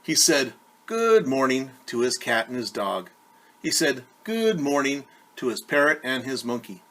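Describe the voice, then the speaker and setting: A man with a mid-range, slightly rough voice and a sharp tone reads a children's story aloud as a teacher. He goes slowly and patiently, speaking directly to his young listeners.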